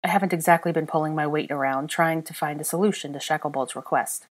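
A woman's voice: low voice, fairly even intonation, fast talker. A woman reading fan fiction aloud in an unedited home recording, narrating and speaking the dialogue with small shifts for each character. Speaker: audiobook reader.

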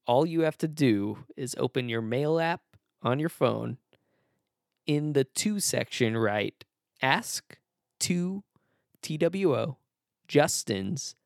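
A man's voice: a little high, creaky, dry recording, clean studio sound. Playful man co-hosting a podcast. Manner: playful, jokey, laughs often. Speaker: podcast co-host. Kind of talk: casual podcast chat.

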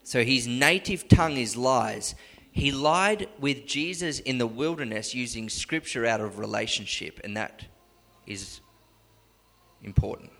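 A man preaching a sermon in an animated, conversational way, often restarting sentences. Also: medium pitch, a little slow, gravelly, in a large hall.

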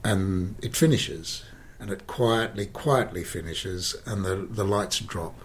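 Low-voiced actor spinning stories. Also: male voice. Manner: animated, dramatic pauses, repeats words for effect. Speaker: stage actor. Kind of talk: anecdotal interview storytelling. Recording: faint background noise.

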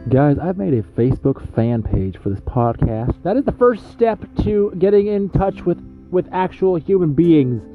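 A man hosting a comedic podcast monologue, rambling between hushed spooky storytelling and yelling rants. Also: on the high side, sing-song, normal speed, narrow, tinny audio, soft background music. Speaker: podcast host.

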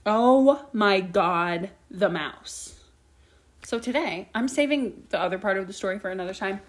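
A woman's voice: mid-range voice, expressive, a little slow. A young woman hosting her own podcast, rambling casually from topic to topic and swearing a lot. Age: young adult. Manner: chatty, swears a lot, jumps between topics. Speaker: podcast host.

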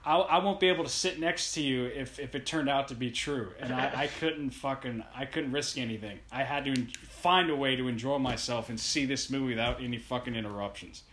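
Animated, swearing man in an echoey room. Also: mid-range voice, brisk, hardly any pauses. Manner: profane, animated, laughing rants. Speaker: podcast co-host. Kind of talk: casual movie review chat. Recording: echoey room with faint noise.

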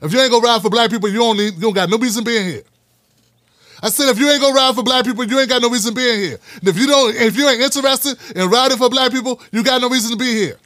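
A man with a strikingly high voice hosts his own commentary show, speaking bluntly and with plenty of profanity. He drives his points home by repeating them. The recording is dry and close, with no room echo. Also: quick pace, bright, forceful tone. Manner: blunt, profane, emphatic repetition. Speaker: political commentary host. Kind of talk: fiery direct-to-camera monologue.

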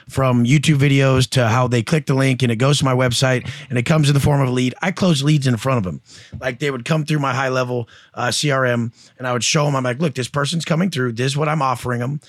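A man's voice: medium pitch, steady tone, fast, no room sound, studio quality. A man speaking as a guest entrepreneur and coach, telling blunt, profane stories and acting out the voices of the people in them. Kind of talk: casual interview storytelling.

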